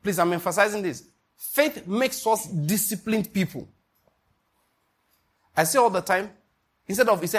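A pastor preaching an emphatic sermon, often asking the congregation if they follow. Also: male voice, sits high, animated, a little fast, long pauses, a bit bright, slightly rough.

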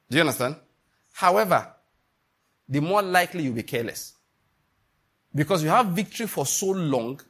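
A middle-aged Nigerian man preaches with a husky, slightly high voice. He is emphatic, keeps asking his listeners whether they follow, and acts out little everyday scenes. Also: fairly bright tone. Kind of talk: sermon.

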